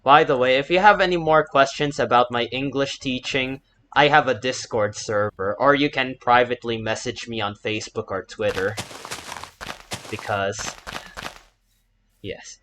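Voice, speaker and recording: A male gamer narrating his own playthrough in a mid-pitched voice, rambling on between moves. He flips into frantic shouting when things go wrong and tosses in Japanese exclamations. A faint hiss sits behind him. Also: unhurried, poor audio. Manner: chatty, breaks into loud panicked shouting. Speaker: gaming YouTuber and English teacher. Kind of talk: let's play commentary.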